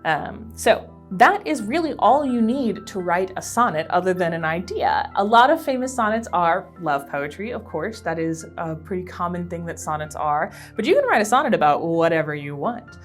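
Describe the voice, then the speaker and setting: A woman's voice: lowish voice, big pitch swings, normal speed, few pauses. A woman presenting a library teen craft tutorial, explaining each step in a friendly, casual way. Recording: soft background piano music.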